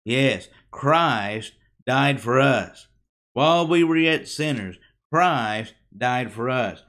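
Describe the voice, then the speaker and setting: A man delivers a sermon at a slow, measured pace in a mid-range voice. He leans on dramatic pauses and asks the congregation rhetorical questions. His phrases often drop low and soft at the end. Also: expressive. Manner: emphatic, with dramatic pauses and falling endings. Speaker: preacher.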